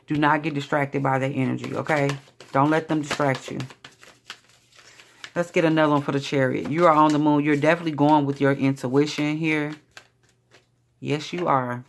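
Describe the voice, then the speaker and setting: A woman's voice: low voice, steady tone, normal speed. A woman giving a live pick-a-card tarot reading, blunt and sassy with chatty asides. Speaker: tarot reader.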